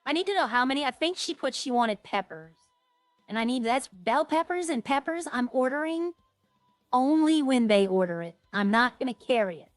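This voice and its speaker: A woman's voice: high-pitched, animated, moderate pace, no room sound, faint music behind. A woman streamer chatting casually while she plays, rambling and thinking aloud. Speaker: roleplay game streamer. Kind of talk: casual gameplay chat.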